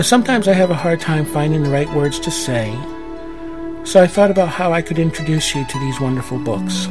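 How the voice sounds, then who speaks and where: A male podcast host speaks in a gentle, earnest, scripted way. His voice sits a bit high for a man. Harp music plays clearly beneath him. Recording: harp music playing underneath.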